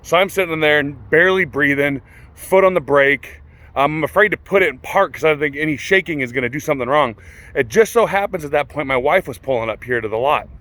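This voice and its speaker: A man's voice: fairly high pitch, fairly quick, no echo. A man working as a car salesman, telling a funny story to the camera outdoors at a car lot in a casual, chatty way. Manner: chatty, animated when quoting others.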